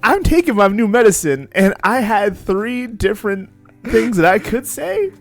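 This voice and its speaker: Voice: mid-range voice, big pitch swings, unhurried, faint music behind. A podcast co-host in casual chat who gives dry joking answers and laughs often.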